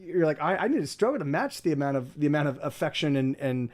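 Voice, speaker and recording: A man's voice: a little high, big pitch swings, fast talker. A man hosting a livestream, chatting casually, rambling with lots of restarts and repeated words. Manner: soft baby talk to his dog. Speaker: livestream host. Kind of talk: casual chat.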